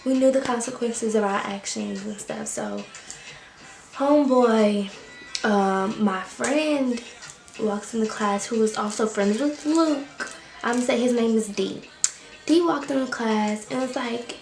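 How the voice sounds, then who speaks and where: A young woman vlogger telling a story time, animated and slangy with quick bursts of emphasis. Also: on the high side. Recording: roomy echo with faint music.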